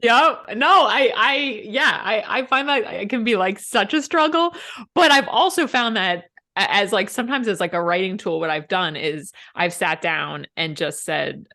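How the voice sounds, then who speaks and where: A woman's voice: mid-range voice, animated, moderate pace, sharp tone. A woman, a comedian, chatting casually about building sets, laughing often and acting out her inner voice.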